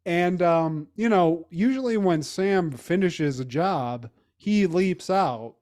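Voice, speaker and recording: Male podcast co-host, casual chat, animated and laughing, profane storyteller. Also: high-pitched, slow pace. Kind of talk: casual chat recapping a TV episode.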